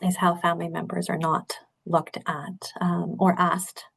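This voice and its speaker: A middle-aged woman speaks in a low, gravelly register while she presents a webinar. Her voice has a husky edge, and she talks in an earnest, candid way. She sounds like she is on a video call. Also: level tone, measured pace, a bit bright. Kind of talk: webinar talk.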